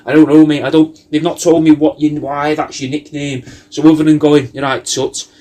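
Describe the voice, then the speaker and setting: A man rambles through a loose comic monologue, swearing freely and tacking "mate" onto his lines. His voice sits a bit higher than most men's. He wanders from one tangent to the next. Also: flat delivery, fairly quick, mellow. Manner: meandering, sweary, riffing loosely with lots of "mate". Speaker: comedy cameo host.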